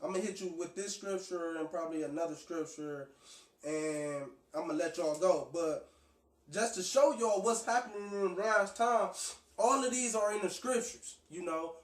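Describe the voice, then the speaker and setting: High-pitched guy preaching, lots of restarts, echoey and far from the mic. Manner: loose, conversational preaching with many restarts and fillers. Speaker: street preacher. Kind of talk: preaching and reading scripture.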